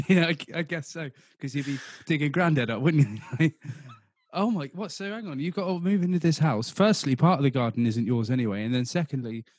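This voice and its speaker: A man with a southern English accent co-hosting a podcast, bantering and joking with a quick laugh. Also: a little high, expressive, darkish tone, slightly rough, dry recording. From southern England. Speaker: podcast co-host. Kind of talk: casual chat.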